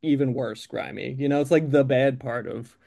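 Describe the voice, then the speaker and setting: A man's voice: medium pitch, normal speed, gravelly, warm tone. A man improvising a comic story in a rambling, filler-heavy way.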